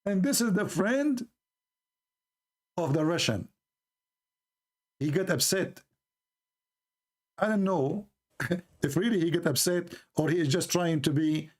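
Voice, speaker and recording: A man's voice: high voice, a little mellow. A man giving argumentative commentary, telling a folk tale and mocking his opponents as he acts out their voices.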